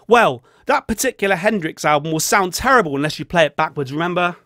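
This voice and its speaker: A man rambling jokily through a casual vlog while feeling ill, often dropping into a low mutter. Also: lively intonation, fast talker, few pauses, a bit bright, no echo, clean studio sound. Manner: rambling, jokey, drops into a low mutter on a catchphrase. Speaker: vlogger.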